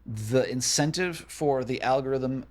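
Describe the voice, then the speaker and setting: Male co-host, casual and blunt, drops swears, mid-pitched everyday voice. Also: a little slow, darkish tone. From Minnesota. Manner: swears casually, reads list items then riffs. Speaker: podcast co-host. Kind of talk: casual podcast chat.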